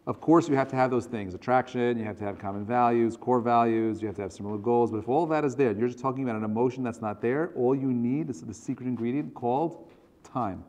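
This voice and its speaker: Man, rabbi, class talk, direct, earnest, medium pitch. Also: fast talker, darkish tone. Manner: earnest and direct, acts out quoted dialogue.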